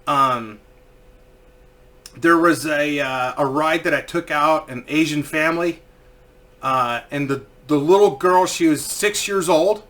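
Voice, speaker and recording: A young man spins comic stories in a casual, animated way, swearing freely and breaking into laughter. His voice is bright and sits a little high for a man. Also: takes it slowly. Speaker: streamer telling stories. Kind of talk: casual comedic storytelling.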